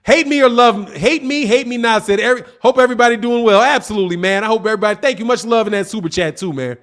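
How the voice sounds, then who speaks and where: A man's voice: sits high, fast, a bit bright. A man hosting a live boxing stream, arguing combatively and mockingly with his viewers while reading super chats. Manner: combative, mocking, trash-talking. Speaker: boxing channel host.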